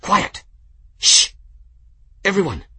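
A man voicing a quick, sharp young female airship engineer who speaks in an urgent, raised manner. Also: fairly high pitch, huge pitch swings, husky, pitched above the performer's own voice, full character voice.

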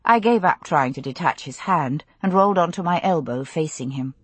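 A woman narrates a first-person novel in a low, husky voice. Her delivery moves widely in pitch, expressive and intimate. The recording is dry and close. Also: normal speed, hardly any pauses, dry recording. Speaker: audiobook narrator.

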